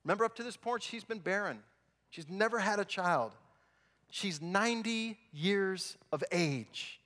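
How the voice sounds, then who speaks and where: Male pastor, sermon, high-pitched and animated, big reverberant sanctuary. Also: unhurried. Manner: animated storytelling, drops low and soft to make a point. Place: large church sanctuary. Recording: long reverb in a big hall.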